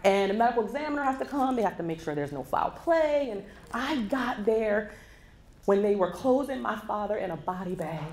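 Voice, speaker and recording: A woman in her forties giving a motivational keynote speech, telling a personal story and speaking straight to the audience. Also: a little high. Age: 40s. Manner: animated storytelling, addresses the audience directly. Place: conference hall before a live audience. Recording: echoey hall with faint background noise.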